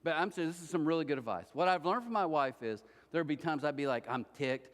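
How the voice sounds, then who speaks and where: A man's voice: on the high side, fast. A middle-aged man preaching a sermon as pastor, telling humorous stories and speaking directly to the congregation. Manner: lively humorous storytelling, addresses the congregation directly. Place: church auditorium. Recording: reverberant church hall.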